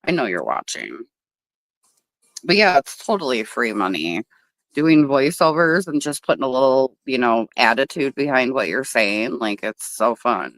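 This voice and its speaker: Animated, blunt woman chatting on a livestream. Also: rumbling low, normal speed, no echo. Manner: chatty, blunt, swears freely. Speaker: livestream host. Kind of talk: casual livestream chat. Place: outdoors at a table.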